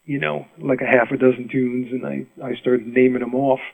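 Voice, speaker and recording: A man's voice: medium pitch, flat delivery, normal speed, creaky, no room sound, narrow, tinny audio. An older man from Rhode Island, a mandolin player, telling stories in a casual interview, chatty and laughing with many restarts.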